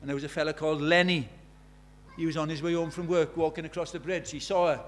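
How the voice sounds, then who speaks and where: An older man preaching an evangelistic sermon, impassioned, dropping to a hush and then rising loud. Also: on the high side, fairly even intonation, quick pace, a little hiss or hum. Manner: impassioned, swings from hushed to loud.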